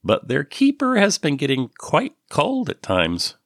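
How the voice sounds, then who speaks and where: A man reading a calm, gentle, consoling man. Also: fairly high pitch, a little slow, no room sound, studio quality, voice pushed up, exaggerated voice.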